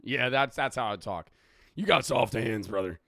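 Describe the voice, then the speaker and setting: A man putting on a gruff country-boy cop drawl. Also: mid-range voice, moderate pace, bright, forceful tone, no echo, clean studio sound.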